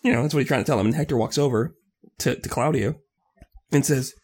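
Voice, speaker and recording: A man's voice: fairly high pitch, huge pitch swings, brisk, long pauses, husky. A man co-hosting a podcast, brash and blunt as he jokes through a show recap. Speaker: podcast co-host. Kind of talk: casual recap chat.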